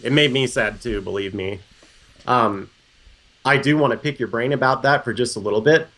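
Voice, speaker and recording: Male co-host getting over a cold, mid-pitched, relaxed and wry, close to a sensitive mic. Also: moderate pace. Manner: relaxed, wry, lots of "um" and "uh" while thinking. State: recovering from a cold. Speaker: podcast co-host. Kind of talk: casual podcast chat. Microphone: sensitive microphone.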